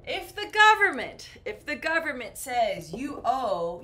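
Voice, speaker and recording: Slow, lively woman teaching beginners. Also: high voice, slight background noise. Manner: animated, playful, acts out little example dialogues. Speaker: English teacher. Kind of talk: slow, clear beginner English lesson.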